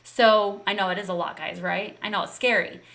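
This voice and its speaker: A woman's voice: medium pitch, steady tone, brisk, creaky, fairly bright tone. A woman fitness coach leading a live online session, upbeat and encouraging and talking straight to her viewers.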